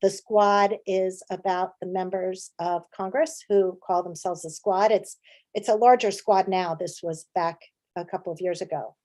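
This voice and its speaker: A woman's voice: fairly low pitch, steady tone, normal speed, darkish tone. A woman from the United States, a playwright and director giving a conversational presentation, with lots of fillers and restarts. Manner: chatty with frequent fillers and restarts.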